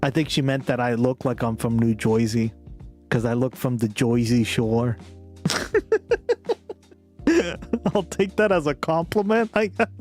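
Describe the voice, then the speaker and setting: Slow-talking streamer guy, giggly and profane. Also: mid-range voice, a little mellow, soft background music. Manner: laughs a lot, swears, riffs on accents. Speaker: streamer host. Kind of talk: casual live-stream chat.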